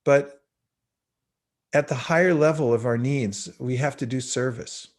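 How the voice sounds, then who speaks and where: A man in his sixties leads a spiritual practice session over a video call. His voice sits at an ordinary middle pitch, and he speaks in an unhurried, measured way, leaving frequent pauses as he teaches. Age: 60s. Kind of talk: guided spiritual talk.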